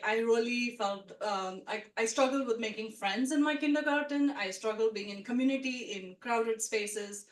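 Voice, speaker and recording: A woman telling a personal story at a live story swap, chatty and animated, full of "like" and "you know". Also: mid-range voice. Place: storytelling event room with a live audience. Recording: roomy sound from a distant mic.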